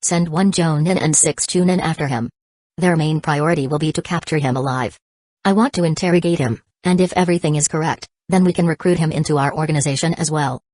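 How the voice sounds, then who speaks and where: A woman's voice: low-pitched, brisk, darkish tone, no echo. A woman voicing a grumpy, menacing old male spymaster in an audiobook. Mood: commanding.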